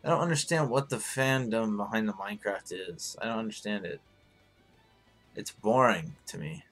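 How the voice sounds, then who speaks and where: A man hosting a live stream in casual chat, hoarse and rambling, swearing freely as he answers his viewers. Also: on the low side, moderate pace, a bit bright, soft background music.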